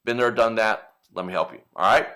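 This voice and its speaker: A man's voice: fairly low pitch, fairly quick, bright, forceful tone. A man hosting a coaching show for financial advisors, talking casually and acting out client phone calls, with frequent tag questions. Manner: conversational, frequent "right?" and "okay?" tags, acts out client calls. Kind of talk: casual coaching talk to camera.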